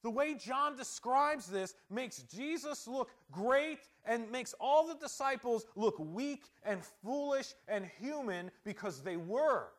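A middle-aged male pastor gives a conversational sermon, posing rhetorical questions and moving between loud emphasis and quiet asides. His voice is very high-pitched and expressive, and he speaks slowly with hardly any pauses.

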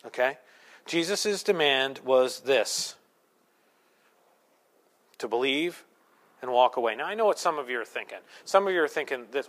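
A man's voice: medium pitch, expressive, moderate pace, pauses often, fairly bright tone. A man preaching a sermon to his congregation in a conversational way, with joking asides and acted-out quotes. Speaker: pastor.

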